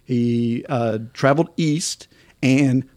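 A man's voice: medium pitch, slow, darkish tone, no room sound. A man co-hosting a casual podcast, talking in a rambling way with lots of fillers and restarts. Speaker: podcast co-host.

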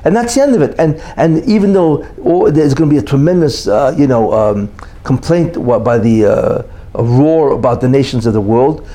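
A man's voice: mid-range voice, expressive, normal speed, hardly any pauses, mellow. A man giving an opinionated monologue as a commentator, emphatic and full of rhetorical questions and repeated "you know".

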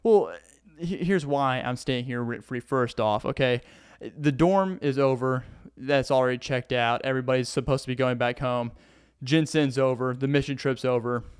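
A man's voice: mid-range voice, moderate pace, clean tone, dry recording, studio quality. A young man hosting his own podcast, chatting casually and rambling in an upbeat way from a friend's house. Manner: rambling, upbeat, self-promoting. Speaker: podcast host and comedian. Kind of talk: casual solo podcast chat.

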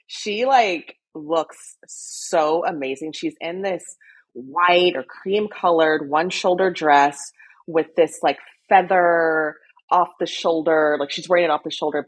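A young woman with a low, husky voice chatting casually as a co-host. She is animated and excitable and jumps up into squeals when something thrills her. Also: unhurried. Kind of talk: casual fashion chat.

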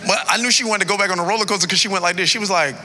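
A man's voice: high-pitched, steady tone, rapid-fire, bright, forceful tone, soft background music. A man in his thirties, a pastor telling a personal story in a sermon, emotional and building to a preaching cadence.

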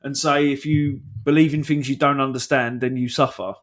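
A man's voice: mid-range voice, steady tone, moderate pace. A British man co-hosting a live podcast, tossing out dry wisecracks and song references in loose banter. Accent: British English. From Britain. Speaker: podcast co-host.

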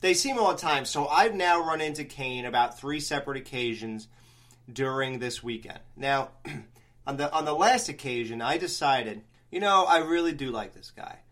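A man hosting a podcast, telling a long story in casual chat, rambling and animated with many restarts. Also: mid-range voice, normal speed. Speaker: podcast host.

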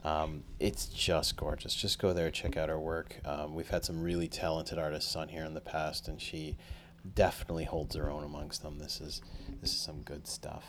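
Male podcast host, deep voice, loose rambling delivery, faint noise on the line. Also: flat delivery, normal speed. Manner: rambling, self-deprecating, with lots of fillers. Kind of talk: casual podcast chat.

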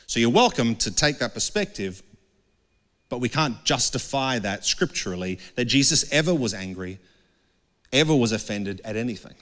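A man's voice: medium pitch, lively intonation, moderate pace, fairly bright tone. A man giving an earnest, conversational sermon as pastor, often acting out the voices of people he quotes. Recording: long hall reverb.

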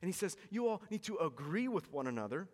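Man preaching, pastor, earnest and pleading, slightly high voice, long hall reverb. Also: sing-song, fast. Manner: earnest, pleading, repeats words when emphasizing. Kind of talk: sermon.

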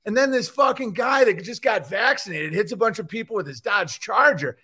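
Guy comedian on a podcast, kinda high voice, bright, ranty and swears a lot, does silly voices. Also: lively intonation, moderate pace, breathy edge. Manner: ranting, profane, jumps into mocking put-on voices. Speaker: comedian guest. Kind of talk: animated podcast chat with comic bits.

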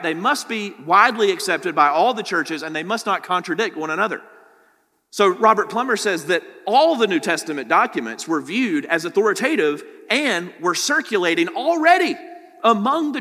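A man preaches in a relaxed, talky way, peppering his points with quick "right?" checks to the congregation. His voice sits a bit high and rings bright, with a long reverb trailing off the church room. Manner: conversational teaching, frequent "right?" tag questions. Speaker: pastor. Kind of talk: sermon.

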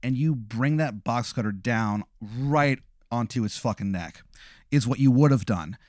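A man's voice: medium pitch, unhurried, a little mellow, no echo, clean studio sound. A man hosting and telling a vivid, profane, rambling hypothetical story to his guest. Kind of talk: improvised second-person storytelling.

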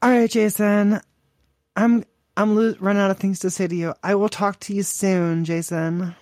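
A man's voice: high voice, level tone, normal speed, a little mellow, no room sound, clean studio sound. A man hosting a crude prank call podcast, mocking and rambling with lots of profanity.

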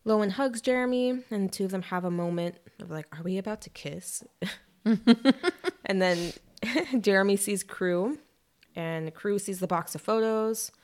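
Young female podcast co-host; lower register, lively storyteller who keeps throwing in quick asides. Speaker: podcast co-host retelling a novel. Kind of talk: casual chat.

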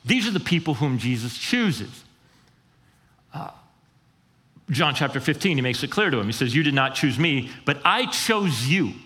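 A man preaches in an easy, conversational way, jumping up in pitch to act out quoted voices and dropping low for emphasis. His voice rings with a long hall reverb, as if in a church sanctuary. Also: normal speed, pauses often. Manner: animated, conversational, acts out quotes with pitch jumps. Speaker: pastor. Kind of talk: sermon.

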